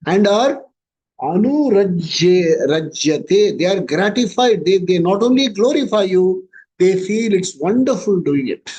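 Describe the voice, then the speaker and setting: A man giving a scripture discourse as a spiritual teacher. He explains slowly and chants Sanskrit verses. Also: high voice, expressive, a little mellow, breathy edge, poor audio.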